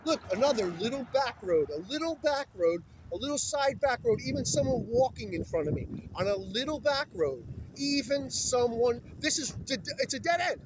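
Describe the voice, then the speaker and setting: A man's voice: extremely high pitch, animated, moderate pace, hardly any pauses, a little mellow, a little hiss or hum. A man talking in an agitated, urgent and rambling way while filming himself on his phone outdoors beside a busy road. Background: passing vehicles.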